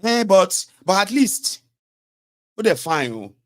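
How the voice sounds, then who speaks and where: Animated, sarcastic Nigerian man. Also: high voice, slow pace. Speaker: commentator. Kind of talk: casual political commentary.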